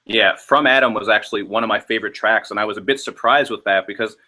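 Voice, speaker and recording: A man's voice: fairly low pitch, quick pace, bright, forceful tone. A man with a Canadian accent, a guest in a casual album review discussion, chatty and enthusiastic about artists he likes.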